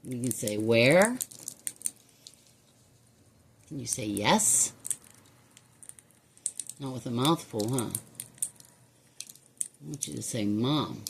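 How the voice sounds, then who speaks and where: A woman at home sweet-talks her parrot in low, unhurried tones. Her pitch swings widely as she coaxes, and she chuckles often. A faint hiss sits under the voice. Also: animated, vocal fry. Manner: coaxing, affectionate baby talk with frequent chuckles. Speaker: pet owner filming her parrot. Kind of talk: casual chat to a pet. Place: indoors at home.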